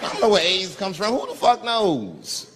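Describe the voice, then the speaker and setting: A man's voice: high-pitched, sing-song, moderate pace. A man doing a stand-up comedy routine on stage, telling a profane story with big swings in his voice. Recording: live crowd laughter over loud room noise.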